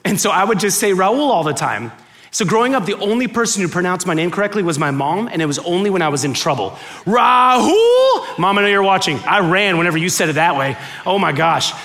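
Telling humorous stories to a clapping live crowd, this American speaker from Miami, in his thirties or forties, keeps his talk chatty and animated. His voice sits high and he talks fast.

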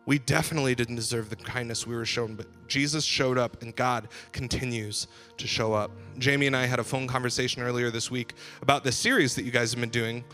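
A man's voice: mid-range voice, steady tone, a little fast, few pauses, pushed and bright, soft background music. A man preaching a sermon in a casual, conversational way, with frequent restarts and fillers. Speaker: pastor.

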